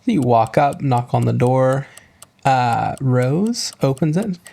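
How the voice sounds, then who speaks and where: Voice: medium pitch, lively intonation, slow pace, vocal fry, dark tone. A co-game master narrating a tabletop role-play podcast in a casual, slangy way.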